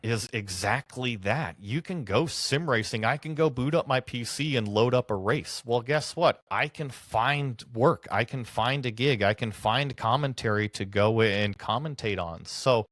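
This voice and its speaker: A man's voice: mid-range voice, a little slow, few pauses, fairly bright tone, no room sound, clean studio sound. A man who works as a motorsport commentator, chatting in an easygoing, upbeat way on a podcast. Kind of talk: casual podcast chat.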